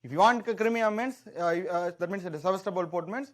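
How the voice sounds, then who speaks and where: A man's voice: sits high, fairly quick. A man teaching an exam-prep class, explaining in a repetitive, conversational way and often voicing a country in the first person.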